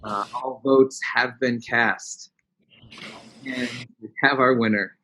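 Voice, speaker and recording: A man hosting a live online show over a video call, earnest and halting, often restarting his phrases. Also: medium pitch, fairly even intonation, bright, forceful tone, slight background noise, rough recording. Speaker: show host.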